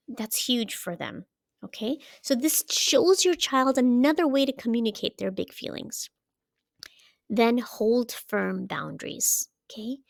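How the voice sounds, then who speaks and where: Calm, slightly high-voiced woman coach with a creaky edge; gives parenting advice, checks in often. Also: no echo, studio quality. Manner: checks in often with "okay?" and "right?". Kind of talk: explaining parenting advice to camera.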